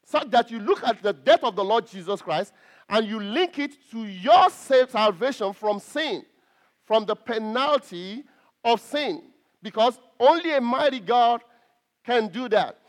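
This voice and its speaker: Emphatic high-voiced male preacher. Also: expressive. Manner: emphatic, stresses key words with pauses; repeats words as he restarts. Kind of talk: sermon.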